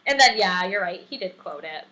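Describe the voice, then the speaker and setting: Bright, lively woman podcast co-host. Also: mid-range voice, moderate pace, poor audio. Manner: chatty, animated, many fillers and laughs. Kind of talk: casual recap chat.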